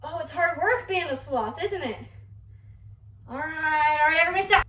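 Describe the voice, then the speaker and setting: A young woman teaching dance to little kids, her high, bright voice coaxing and lively. She stands back from the mic in an echoey room, so the sound carries a roomy ring. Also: normal speed, distant mic. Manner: animated, coaxing, speaking to young children. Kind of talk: kids' movement class demonstration.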